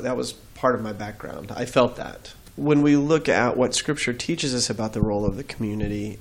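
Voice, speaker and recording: Earnest reflective man telling his story. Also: mid-range voice. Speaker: guest. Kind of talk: faith interview storytelling.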